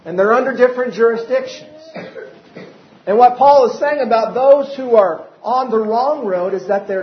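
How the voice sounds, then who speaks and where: A man's voice: high voice, a little hiss or hum. A man preaching a sermon as pastor, building emphasis and asking his listeners repeated rhetorical questions. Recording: roomy, dull lo-fi church recording.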